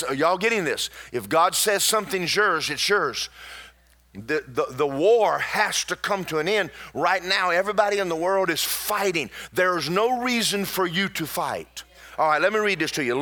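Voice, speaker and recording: A man preaching a sermon in a church, telling personal stories in an animated way, with sudden loud bursts and slowed, drawn-out emphasis. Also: a little high.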